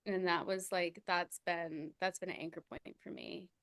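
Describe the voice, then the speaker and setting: A woman guest on a podcast who tells stories reflectively, laughing often and leaning on fillers. Her voice sits somewhat low. The recording is dry and close. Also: fairly even intonation, moderate pace, a bit bright, dry recording. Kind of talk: reflective conversational storytelling.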